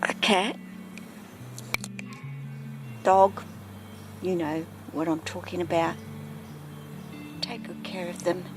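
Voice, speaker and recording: Slow, chatty woman vlogging outdoors. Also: lowish voice, steady tone. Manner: chatty, talks baby talk to her cat. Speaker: vlogger filming her pets. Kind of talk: casual chat to camera. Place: outdoors in a yard. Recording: music playing under the voice.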